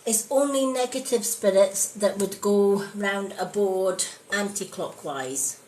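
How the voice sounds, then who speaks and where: A woman talks slowly and earnestly on a live stream, filling pauses with "um". Her voice rings in an echoey room with a faint hiss of noise behind it. The sound is a plain phone recording. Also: medium pitch, darkish tone. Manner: slow, earnest, many fillers. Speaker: spiritualist hosting a live stream.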